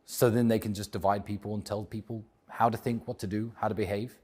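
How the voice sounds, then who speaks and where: A man with a British accent, talking as a guest in an interview in a measured, reflective and outspoken way. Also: on the low side, little pitch movement, a little mellow, slightly rough. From England. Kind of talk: casual interview talk.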